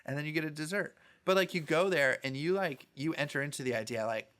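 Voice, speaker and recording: A man's voice: a little high, fast talker, fairly bright tone. A man, a priest hosting a podcast, chatting casually and telling anecdotes full of filler words. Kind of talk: casual conversational chat.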